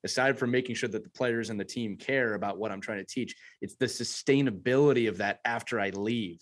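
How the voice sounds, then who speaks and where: A man's voice: on the low side, a little fast. A man hosting a podcast, chatting casually and tying points back to coaching sports. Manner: easygoing, relates points to sports, says "you know" a lot.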